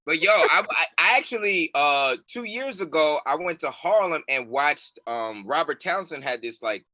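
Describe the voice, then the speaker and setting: Give me a man with a bright, tense voice, telling a loose story in casual chat. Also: fairly high pitch, expressive, normal speed, dry recording. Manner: rambling storyteller, lots of fillers and restarts. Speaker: podcast co-host.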